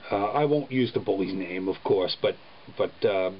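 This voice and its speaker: A man, a father, telling a story about his son in a casual vlog, speaking in an earnest, halting way. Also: fairly low pitch. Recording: dull lo-fi sound with faint background noise.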